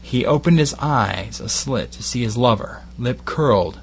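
A Glaswegian man narrating an erotic story in a measured, steady delivery with short phrased pauses. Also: medium pitch, creaky, a little hiss or hum.

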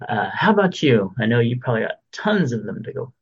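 A man's voice: medium pitch, big pitch swings, a little fast, husky, dull audio. A man co-hosting a podcast in casual chat, reading out birthdays and listener messages. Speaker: podcast co-host.

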